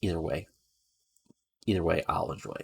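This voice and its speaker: A man's voice: sits low, steady tone, normal speed, vocal fry, darkish tone, slightly rough, full character voice. A man voicing a boastful female wrestling champion with an attempted French accent. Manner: boastful, dismissive.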